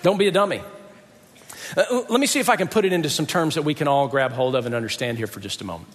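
A man delivers a sermon from the pulpit, hammering home his points with repeated rhetorical questions. His voice sits a little higher than most men's, and the long reverb of a large church hall trails behind every phrase. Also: fast. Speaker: pastor.

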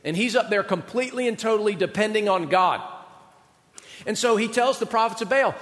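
A man preaching a sermon in an animated, conversational storytelling manner, recorded in a church sanctuary. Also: sits high, brisk. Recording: reverberant hall.

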